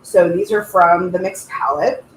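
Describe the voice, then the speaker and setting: A woman's voice: lowish voice, a little slow. A woman co-hosts a casual craft livestream, greeting viewers in a playful, sing-song way. Her voice carries a roomy echo, with faint noise underneath. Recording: echoey room with faint noise.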